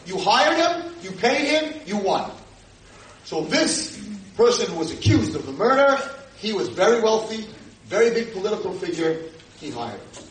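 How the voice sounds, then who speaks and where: Brief: man, rabbi giving a lively talk, slightly high voice, mic far off in a roomy hall, noise behind. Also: moderate pace. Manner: acts out quoted voices with sudden loud shouts. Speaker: rabbi lecturer. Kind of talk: animated storytelling lecture to a live audience. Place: community hall with audience.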